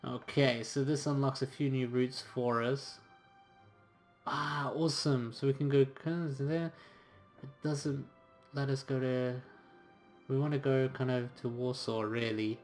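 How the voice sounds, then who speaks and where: A man's voice: mid-range voice, measured pace, soft background music. A man playing a story game, chatting casually and reading its narration aloud. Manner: relaxed, reading narration with occasional quoted voices. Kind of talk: casual let's-play commentary and reading aloud.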